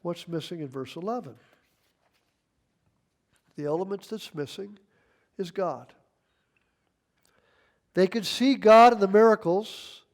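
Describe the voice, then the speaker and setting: Older man in his 60s, pastor, high-pitched voice, emphatic folksy sermon delivery. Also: a little mellow. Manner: emphatic, folksy, reads scripture aloud.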